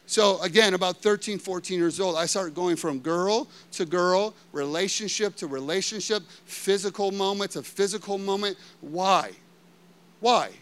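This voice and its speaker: A man's voice: high voice, moderate pace, smooth. A man preaching a sermon, telling personal stories in a conversational way with lots of filler words and questions to the audience. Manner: conversational storytelling with frequent "like" fillers.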